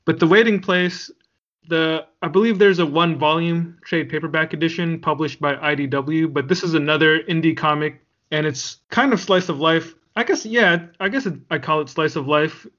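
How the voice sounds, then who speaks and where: A man's voice: a little high, normal speed, fairly bright tone. A man co-hosting a podcast, chatting casually and laughing easily. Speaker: podcast co-host. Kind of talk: casual chat. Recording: dull lo-fi sound.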